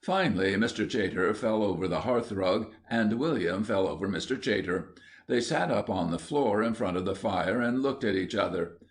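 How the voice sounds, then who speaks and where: A man narrating a children's storybook in an even storytelling manner. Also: fairly low pitch, moderate pace. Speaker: audiobook narrator. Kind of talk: scripted narration.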